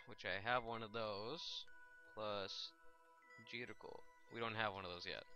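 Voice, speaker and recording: A man hosting a live let's play, commenting as he plays; he shouts attack names in bursts and mutters asides in between. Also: mid-range voice, dull audio.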